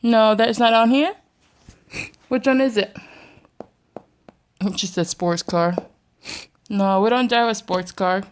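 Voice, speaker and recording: A young mother who vlogs talks to her toddler in her bedroom at home, using coaxing, sing-song baby talk and laughing often. Her voice is on the high side and smooth, and she speaks slowly with frequent pauses.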